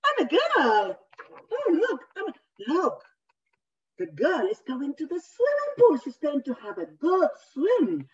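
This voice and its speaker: A woman's voice: high-pitched, wildly swooping pitch, slow pace, pitched above the performer's own voice, heavily acted. A woman voicing a cheerful little blue donkey girl who insists on being seen as a girl, in a storybook reading. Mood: insistent. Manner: insistent, repeating herself. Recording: distant, dull lo-fi.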